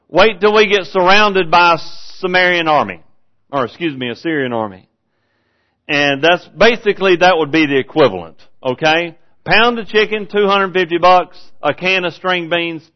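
A man's voice: on the high side, lo-fi sound. A man preaching in a folksy, conversational way, asking his audience rhetorical questions. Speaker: pastor. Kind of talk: folksy preaching, Bible study.

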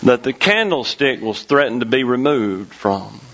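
A man's voice: medium pitch, sing-song, measured pace, fairly bright tone, a little hiss or hum. A man preaching a sermon as pastor, repeating phrases with rising emphasis. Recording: dull lo-fi sermon recording.

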